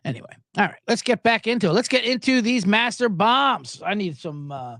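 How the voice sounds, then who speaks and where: A man's voice: high-pitched, moderate pace, a little hiss or hum. A man hosting a sports betting podcast in a casual, rambling chat that swears now and then. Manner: animated, rambling and profane, with many restarts.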